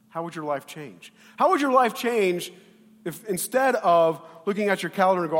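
Preaching a sermon, a male pastor talks in a lively, conversational style, swinging between loud outbursts and quiet asides while acting out the voices he quotes. His voice is slightly high for a man, he keeps a moderate pace, and a long church-hall reverb surrounds him.

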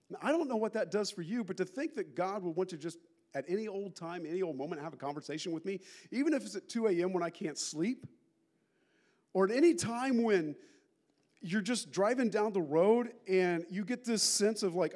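Lively, higher-voiced male pastor. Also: normal speed. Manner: animated storytelling with many asides. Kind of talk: conversational sermon.

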